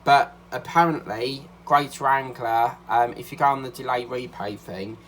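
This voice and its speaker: A man's voice: mid-range voice, normal speed, a bit bright, slight background noise. A man, chatting casually as a craft vlogger, a little out of breath and rambling with many fillers and restarts. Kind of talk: casual chat.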